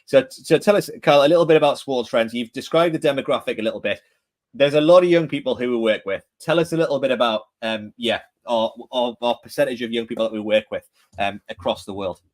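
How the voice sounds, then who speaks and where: Here a man speaks fast at a medium pitch, his Geordie accent marking him as from northeast England. Co-hosting a podcast from a home room in England, this director of training is chatty, inquisitive and fond of friendly teasing.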